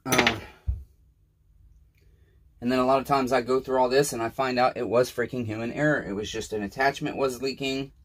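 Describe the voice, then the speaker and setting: A man's voice: mid-range voice, steady tone, moderate pace, pauses often, fairly bright tone, a little hiss or hum. A tired, frustrated man working as a small-engine repairman who mutters and swears while he works in a casual workshop vlog. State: tired and overwhelmed.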